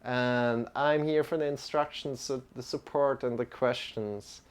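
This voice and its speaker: A man leading a live-streamed yoga lesson, calm and halting, with many restarts. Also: mid-range voice, clear, resonant tone. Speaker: yoga teacher.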